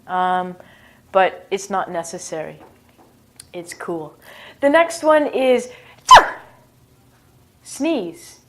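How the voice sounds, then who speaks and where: A woman giving a casual English lesson in a playful, self-mocking way, acting out bodily noises as she explains them. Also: medium pitch. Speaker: English teacher.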